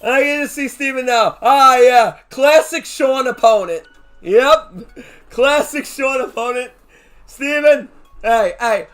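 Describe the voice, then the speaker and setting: A man streaming a card game live, reacting loudly, swearing and shouting at big plays. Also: very high-pitched, slow pace, smooth. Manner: excitable, swears, shouts at wins. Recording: faint music behind.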